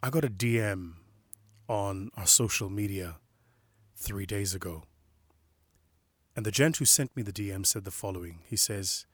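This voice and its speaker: Young adult man, husky, reflective spoken meditation; slow, measured, hushed emphasis, dry close mic. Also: fairly low pitch, no room sound. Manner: slow, measured, softly emphatic, sometimes whispering. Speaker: inspirational speaker.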